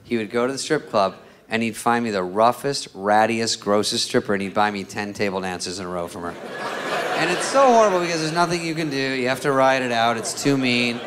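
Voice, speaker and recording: A man's voice: medium pitch, animated, a little fast. A man doing a crude stand-up set, telling self-mocking stories and acting out both sides of the talk. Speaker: stand-up comedian. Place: comedy club stage. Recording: live club recording with audience noise. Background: audience laughter.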